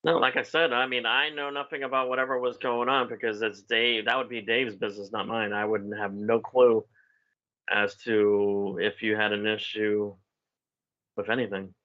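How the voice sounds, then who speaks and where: A man's voice: lowish voice, little pitch movement, moderate pace, pushed and bright, lo-fi sound. A man calling into a casual show, speaking in a plain, matter-of-fact way. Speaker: caller. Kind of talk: casual call-in chat.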